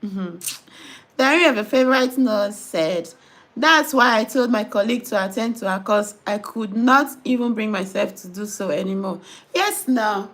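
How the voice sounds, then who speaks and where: A young Nigerian nurse chatting casually, reading comments and telling animated stories with pidgin phrases mixed in. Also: female voice, mid-range voice, normal speed. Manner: animated storytelling, mixing in pidgin. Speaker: nurse and host.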